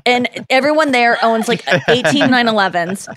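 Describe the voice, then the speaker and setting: A woman's voice: a little high, lively intonation, moderate pace, a crowd in the background. Rambling, self-deprecating woman podcast host. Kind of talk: casual storytelling chat.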